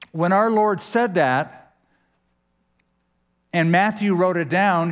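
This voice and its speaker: A man preaching a sermon as pastor, emphatic, with dramatic pauses and sudden swings in pitch. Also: long reverb tail.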